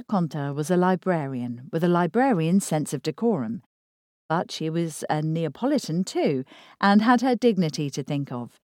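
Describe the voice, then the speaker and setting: A woman reading a novel aloud in measured, even scripted narration. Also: low-pitched, no echo, studio quality. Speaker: audiobook narrator.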